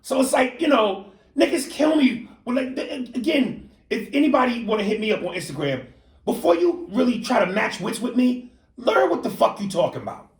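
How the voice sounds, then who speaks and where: A man co-hosting a podcast in casual chat, animated and profane, often mimicking accents and slang. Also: very high-pitched, normal speed, roomy sound. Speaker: podcast co-host.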